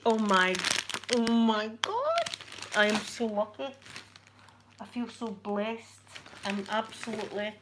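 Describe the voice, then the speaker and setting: A Scottish woman hosting a casual unboxing vlog, excitable and emotional, gasping as she talks. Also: mid-range voice, unhurried, pauses often. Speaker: channel host. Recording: noisy with packaging crinkles.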